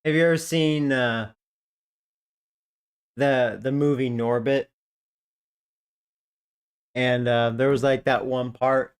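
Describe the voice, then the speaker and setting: A man's voice: mid-range voice, steady tone, takes it slowly, long pauses, smooth. A man casually commentating a video game, rambling and joking with frequent laughs. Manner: rambling, jokey, laughs often. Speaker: gaming streamer.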